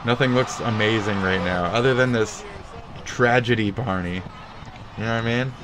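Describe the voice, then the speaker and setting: A man's voice: lowish voice, moderate pace, background noise. A man giving rambling, sarcastic commentary about another streamer, cursing constantly and recording himself on his phone. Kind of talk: profane ranting commentary.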